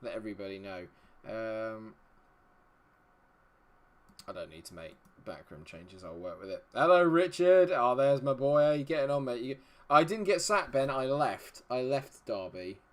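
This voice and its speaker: A man's voice: medium pitch, expressive, normal speed, slight background noise. A man live-streaming a game, chatting with his viewers and muttering to himself while he checks settings. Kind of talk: live-stream commentary talking to chat.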